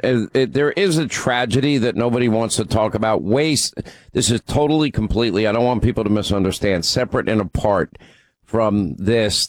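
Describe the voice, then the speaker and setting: A man's voice: on the low side, dry recording. A man hosting a political talk radio show, opinionated and teasing with callers.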